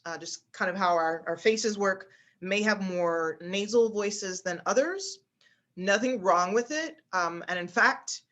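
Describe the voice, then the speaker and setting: A woman speech instructor teaching voice exercises in an online class, often demonstrating bright high exclamations. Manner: demonstrates pitches with exaggerated exclamations, frequent fillers.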